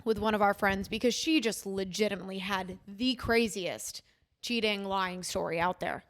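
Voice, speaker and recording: A young woman co-hosting a podcast, chatting with quick, enthusiastic reactions. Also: medium pitch, a little hiss or hum. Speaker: podcast co-host. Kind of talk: casual chat.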